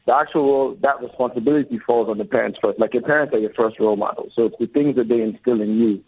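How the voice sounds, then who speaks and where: Speaking fast in a mid-range voice, a forties-aged record label co-founder reflects earnestly as an interview guest in a casual exchange. There's a little hiss or hum, and the recording is dull and lo-fi with faint music.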